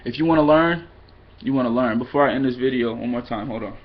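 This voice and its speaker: A man's voice: medium pitch, quick pace, muffled recording. A man giving a loose, rambling vlog lesson, mixing in Spanish phrases and poking fun at himself. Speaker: vlogger teaching Spanish.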